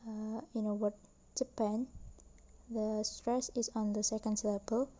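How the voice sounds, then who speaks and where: A young woman student slowly reading a class presentation with careful, deliberate delivery. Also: medium pitch, little pitch movement, warm tone, highs cut off. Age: young adult.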